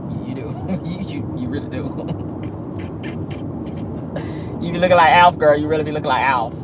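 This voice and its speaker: A woman's voice: low-pitched, moderate pace, background noise. A woman with an African American Vernacular English accent hosting a casual livestream, talking bluntly and sassily and laughing often. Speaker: vlog host.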